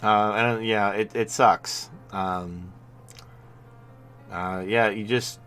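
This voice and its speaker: A man's voice: fairly low pitch, steady tone, very slow, a bit bright, clean tone, faint music behind. A man hosting a live-stream talk show, talking in blunt, rambling casual commentary with frequent restarts. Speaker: show host.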